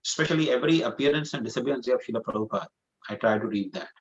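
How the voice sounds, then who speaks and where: A man at a middle pitch teaches a scripture class with earnest, patient repetition. He circles back to his point and fills gaps with "you know." The sound is dull and lo-fi. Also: rapid-fire. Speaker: spiritual teacher.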